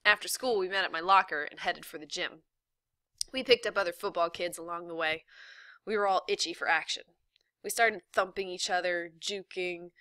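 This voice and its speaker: A woman reading a novel aloud in a steady, even narration. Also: lowish voice, no room sound, studio quality. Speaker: reader.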